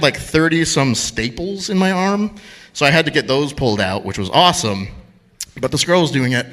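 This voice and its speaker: A man's voice: medium pitch, pushed and bright. A man telling a funny true story on stage at a live storytelling event, chatty and self-deprecating, laughing at himself.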